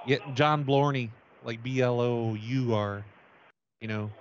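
A man's voice: medium pitch, steady tone, measured pace. A man making a prank phone call, stammering and playfully silly. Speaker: prank caller. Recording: dull lo-fi with faint noise.

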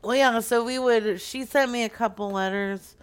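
A woman's voice: fairly high pitch, normal speed, smooth. A woman streamer chatting casually and playing it straight on a prank call. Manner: casual, laughing, plays it straight on calls. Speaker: streamer making prank calls.

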